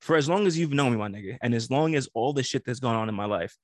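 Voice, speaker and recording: A man's voice: medium pitch, animated, fast, dry recording, studio quality. Laid-back, profane podcast man. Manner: casual, profane, reflective, affirming. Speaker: podcast co-host. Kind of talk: casual podcast chat.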